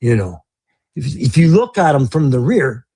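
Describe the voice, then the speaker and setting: A man with a somewhat husky voice swings through a wide, lively pitch range. He banters and argues playful mock trials, often breaking into laughter and theatrical bursts. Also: moderate pace. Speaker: co-host.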